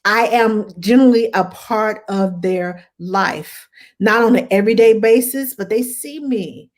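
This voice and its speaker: A career nanny with a medium-pitched, unhurried voice chats casually and tells stories. She acts out the voices of the people she quotes and laughs often.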